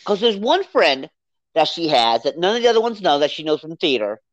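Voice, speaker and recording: A podcast co-host in a casual movie review chat, rambling and animated as they recount the plot. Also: medium pitch, a little fast, dull audio. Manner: rambling, animated, acts out character quotes.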